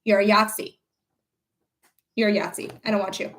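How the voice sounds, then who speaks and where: A woman's voice: medium pitch, fairly even intonation, moderate pace, fairly bright tone. A young woman livestreaming as a psychic reader, ranting angrily and profanely while answering her chat viewers. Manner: angry, profane, addresses chat viewers by name. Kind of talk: live-stream chat and rant.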